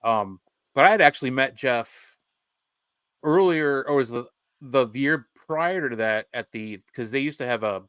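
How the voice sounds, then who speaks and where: A man's voice: medium pitch, unhurried, fairly bright tone, clear, resonant tone, no echo. A man in a casual podcast chat, easygoing, laughing along and backing up others with short replies. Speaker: podcast co-host.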